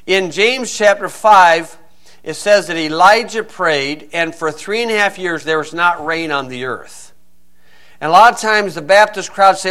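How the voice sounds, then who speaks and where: A man's voice: high voice, lively intonation, a little slow, a bit bright. A middle-aged man preaching a sermon, blunt and scornful, firing off rhetorical questions.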